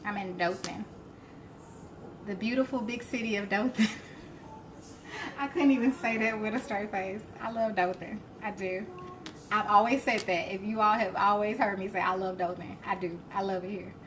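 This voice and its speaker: A woman's voice: medium pitch, fairly even intonation, normal speed. A woman hosting a live cooking stream, chatting and laughing as she answers viewer comments. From Alabama, US. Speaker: cooking show host. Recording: faint background noise.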